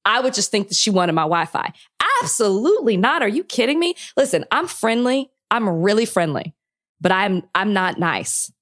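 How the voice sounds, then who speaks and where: Blunt emphatic woman, lively pitch. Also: normal speed. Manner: blunt and emphatic, laughs often. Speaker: podcast co-host. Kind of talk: casual chat.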